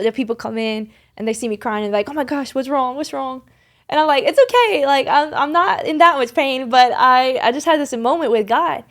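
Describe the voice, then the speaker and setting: Earnest young woman sharing her testimony. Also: a little high. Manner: earnest, rambling with many restarts and fillers. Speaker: podcast guest. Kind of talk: faith testimony in conversation. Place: podcast studio.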